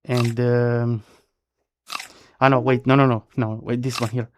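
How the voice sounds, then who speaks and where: A man's voice: mid-range voice, little pitch movement, a little slow. A man from Romania with a Romanian accent, chatting playfully with viewers as a live game streamer, punning and repeating his phrases. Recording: noisy stream audio with clicks.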